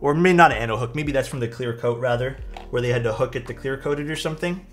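A man's voice: mid-range voice, fast, fairly bright tone. A man talking casually on a live stream as he unboxes keyboard parts and thanks his chat. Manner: thanks chat, muses aloud while unboxing. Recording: faint music behind.

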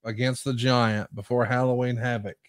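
A man co-hosts a podcast in casual conversation, speaking at medium pitch and a moderate pace. He tells stories with lots of animation and acts out the quotes. The sound is clean and studio-made, with no room echo.

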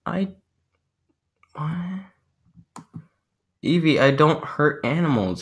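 A young man vlogging as he chats with a chatbot, goofy and excitable, swearing and repeating himself in mockery. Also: lowish voice, moderate pace. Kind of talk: casual chat.

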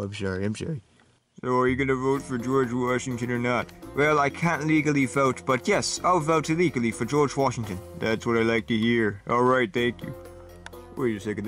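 Man voicing many goofy sketch characters. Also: medium pitch. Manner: switches between goofy character voices. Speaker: comedy sketch creator voicing several characters. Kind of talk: scripted comedy sketch.

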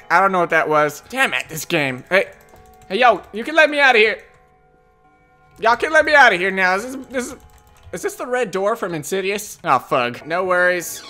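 A man's voice: sits high, pushed and bright. A man commentating a horror game, jumpy and jokey, swearing often as he panics. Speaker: gamer.

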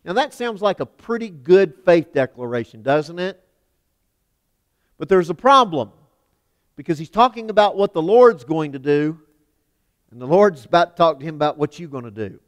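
A man's voice: a little high, expressive, moderate pace, long pauses. Emphatic male preacher in a reverberant hall. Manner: emphatic, swings from loud to hushed. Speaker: pastor. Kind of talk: sermon.

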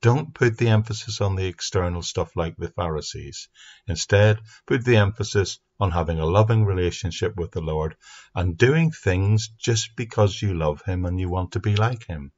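A man teaching a Bible passage on his podcast in an earnest, steady way. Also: sits low, normal speed, dull audio. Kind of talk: recorded Bible study podcast. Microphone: speaking into a mic.

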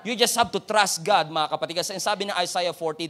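A man's voice: sits high, quick pace, hardly any pauses, a bit bright. A man with a Filipino accent preaching a sermon, talking conversationally and often turning to his listeners with questions and calls to action.

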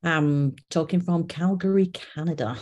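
A woman's voice: low-pitched, unhurried, darkish tone, dull audio. Friendly Englishwoman guest on a craft show. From east coast of England. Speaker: guest card maker. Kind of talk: casual interview chat. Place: home with a dog.

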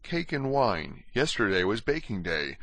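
A man voicing a polite, trusting little girl in an audiobook reading, lifting and softening his voice for her. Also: on the low side, very animated, unhurried, gravelly, no echo, heavily acted.

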